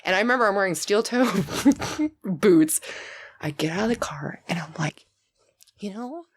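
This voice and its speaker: Lively young woman telling a story. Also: mid-range voice, normal speed, a little hiss or hum. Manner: animated, laughing, swings into loud shouted retellings. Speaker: podcast guest. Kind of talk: casual storytelling chat.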